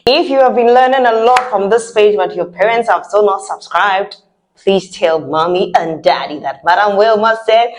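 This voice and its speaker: A woman's voice: medium pitch, normal speed. A woman teaching French words to children in a playful, coaxing, repeat-after-me style. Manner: playful, sing-song, coaxing. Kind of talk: kids' repeat-after-me lesson.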